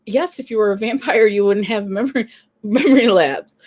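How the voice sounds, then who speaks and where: A woman's voice: mid-range voice, normal speed, no echo. A woman co-hosting a casual live stream, chatting and greeting viewers by name.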